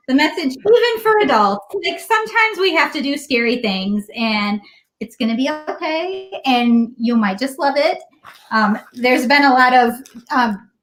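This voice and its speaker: A woman librarian guest in a casual chat, describing a book with animated storytelling. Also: high-pitched, low-quality recording. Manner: animated storytelling, acts out lines.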